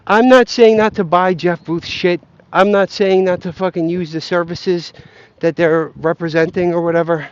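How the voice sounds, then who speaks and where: A young man ranting casually outdoors, swearing often and rambling between half-formed thoughts. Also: a little high. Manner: profane, rambling, self-doubting. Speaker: vlogger. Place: outdoors, near geese. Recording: muffled lo-fi recording.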